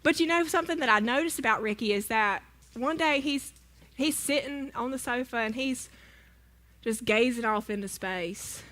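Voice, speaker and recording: A woman with a slightly high, bright voice and a forceful tone speaks at a normal pace in a church sanctuary. She entertains the congregation with a humorous story about herself, self-deprecating and conversational. Along the way she asks the listeners questions.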